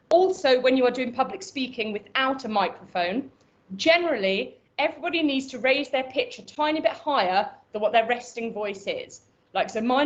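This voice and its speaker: A woman with an Irish accent teaching an online voice class, explaining and demonstrating breathing and pitch exercises. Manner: instructive, demonstrates vocal exercises. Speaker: voice coach.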